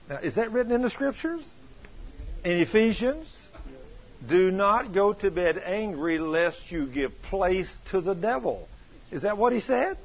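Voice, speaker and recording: A preacher delivers a church sermon in a high, husky voice. He retells stories folksily, asks the congregation questions and rises to shouts. The recording sounds dull and lo-fi. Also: lively intonation, moderate pace. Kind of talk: sermon with retold testimony.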